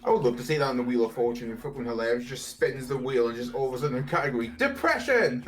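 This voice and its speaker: A man's voice: mid-range voice, animated, fast talker. A young man chatting casually on a stream, rambling through stories and swearing often. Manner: rambling, swears a lot, laughs at his own stories.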